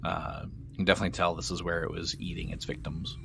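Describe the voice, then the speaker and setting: A man's voice: low voice, little pitch movement, gravelly, background noise. A man running a tabletop game as game master, narrating in a laid-back way. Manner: slow, laid-back, laughs easily.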